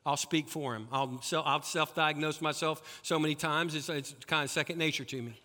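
A male pastor delivers a sermon in a high, bright, forceful voice. He swings between loud, emphatic peaks and hushed, low passages. The sound rings with a long reverb from a large church hall. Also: steady tone, normal speed.

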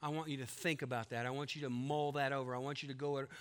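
A man's voice: little pitch movement, fast talker, smooth. A man preaching a sermon, emphatic, telling a long joke and acting out its characters. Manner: plays characters in a told story with big pitch jumps; drops to a soft, hushed delivery.

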